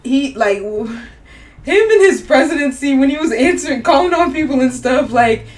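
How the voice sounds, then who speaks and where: A woman co-hosting a casual podcast chat, animated and laughing, acting out the people she talks about. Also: high voice, moderate pace, recorded from a distance. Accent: Boston. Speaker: podcast co-host.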